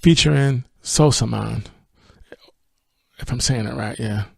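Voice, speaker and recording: A man hosting a music review podcast, talking through a song and reading its lyrics aloud in a relaxed way, thinking aloud as he goes. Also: medium pitch, unhurried, gravelly, husky, dry recording. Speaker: podcast host.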